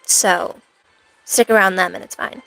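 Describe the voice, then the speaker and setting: Sarcastic cosplay streamer woman, gravelly fry. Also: medium pitch, steady tone, a little slow, a bit bright, faint music behind. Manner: sarcastic, rambling banter with chat. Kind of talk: in-character cosplay stream chat.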